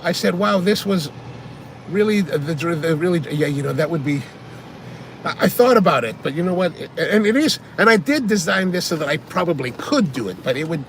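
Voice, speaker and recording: A man's voice: fairly high pitch, lively intonation, brisk. A man chatting casually while driving, answering viewer comments and rambling through stories. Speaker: coffee vlogger. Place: inside a car on the highway. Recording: car interior with faint road noise.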